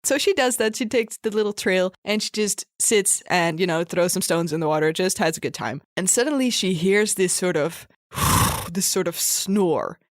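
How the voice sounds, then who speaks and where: A woman's voice: on the low side, expressive, normal speed, no echo. Chatty woman podcaster spinning an improvised tale, rambling, laughing, dry close mic. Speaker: podcast co-host. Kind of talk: improvised storytelling.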